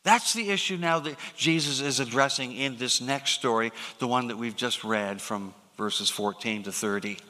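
A man preaching a sermon as a pastor in a church, measured and deliberate, asking rhetorical questions. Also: medium pitch, pushed and bright, big-room sound.

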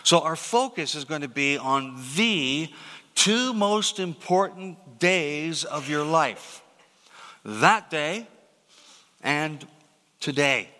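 Male pastor, sermon. Slow, deliberate delivery, long hall reverb. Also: on the high side, lively intonation, sharp tone. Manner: measured, deliberate preaching with rhetorical questions.

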